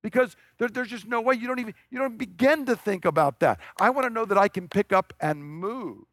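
A male preacher with a high-pitched voice delivers a sermon like a chat, telling the story and tossing out rhetorical questions. The sound is dry and close, with no room echo. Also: fairly bright tone.

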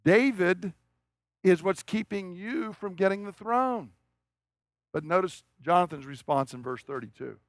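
A man's voice: high-pitched, normal speed, no room sound. A man preaching a sermon in a conversational, storytelling way, often asking the congregation rhetorical questions.

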